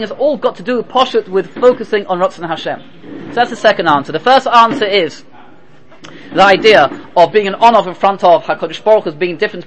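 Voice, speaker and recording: A man giving a spoken Torah class, telling stories lively and mixing Hebrew and Yiddish terms into his English. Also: high-pitched. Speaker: Torah teacher.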